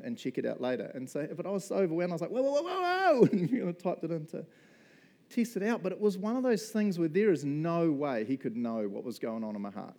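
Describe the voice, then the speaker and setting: A man preaching a casual, conversational sermon as pastor, laughing often and making quick asides during a church service. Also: a little high, mellow.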